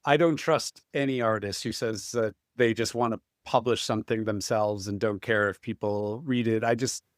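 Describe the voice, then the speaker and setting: A man's voice: fairly low pitch, steady tone, moderate pace, dry recording, studio quality. A man hosting an interview, talking earnestly and with firm opinions. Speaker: podcast host. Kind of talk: casual interview conversation.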